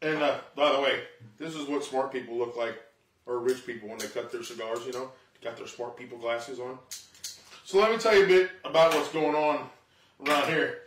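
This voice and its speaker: A man's voice: mid-range voice, brisk, echoey room, far from the mic, slight background noise. A man doing a rambling, self-mocking comedy monologue at home in his living room. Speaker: stand-up comedian.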